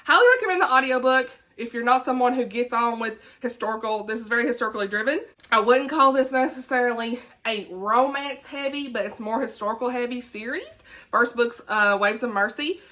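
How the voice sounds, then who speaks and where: Southern woman book vlogger, chatty and laughing, bright and forceful voice, a little high. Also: brisk. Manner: chatty and laughing, with folksy asides. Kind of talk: casual chat.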